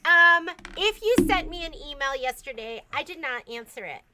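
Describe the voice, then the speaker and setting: A woman co-hosting a shop livestream, talking fast in casual chat and laughing often. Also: high voice, expressive, sharp tone. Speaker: shop co-host.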